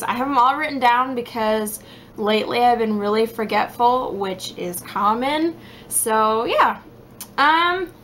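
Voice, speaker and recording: A woman's voice: on the high side, a bit bright, slight background noise. A woman vlogging casually at home about her pregnancy, chatty and rambling with lots of fillers. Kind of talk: casual chat to camera.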